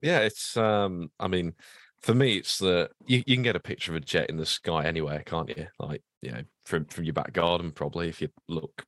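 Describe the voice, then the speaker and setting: A man's voice: low-pitched, fairly quick, a bit bright, dry recording, studio quality. A man with a Birmingham accent, a guest photographer on a podcast, talking in a laid-back, jokey way and trailing off mid-thought. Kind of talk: casual podcast chat.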